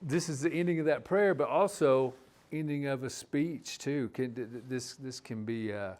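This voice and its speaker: A man teaching a live language class, explaining words in a relaxed, rambling way with many restarts. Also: medium pitch, moderate pace.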